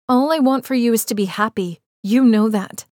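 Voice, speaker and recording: A woman's voice: a little high, a little slow, darkish tone, dry recording, clean studio sound, natural voice. A woman voicing a frustrated young woman confronting her boyfriend, pointed and rising to anger. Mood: exasperated.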